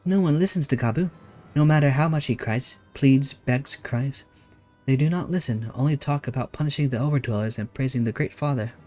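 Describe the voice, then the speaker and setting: A man's voice: medium pitch, fairly quick, warm tone, soft background music, lightly acted. A man voicing a small, frightened kobold boy in a game, pleading with repeated words.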